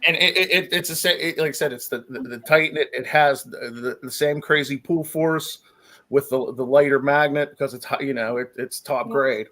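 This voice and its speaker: Excited rambling man on a livestream. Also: medium pitch, normal speed. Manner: enthusiastic, rambling with many restarts. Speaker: guest from a magnet fishing gear maker. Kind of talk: casual livestream chat.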